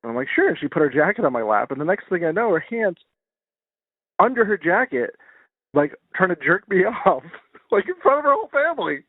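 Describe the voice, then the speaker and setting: A man's voice: high-pitched, big pitch swings, no room sound. Guy telling awkward stories on a podcast, lots of um and like, sounds dry and phone-like. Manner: halting storyteller with many fillers. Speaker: podcast co-host. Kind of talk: crude casual chat.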